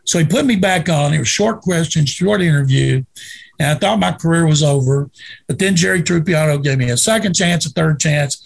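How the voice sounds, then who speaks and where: An older man from Waco, a retired sportswriter telling lively anecdotes in a casual interview. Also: fairly high pitch, normal speed, creaky. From Waco, Texas. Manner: lively anecdotal storyteller, acts out quoted dialogue.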